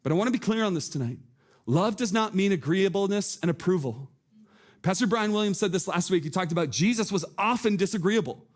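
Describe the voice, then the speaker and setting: A man's voice: sits high, lively intonation, brisk. A man preaching a sermon from a church stage, earnest and conversational, asking the congregation questions. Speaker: pastor.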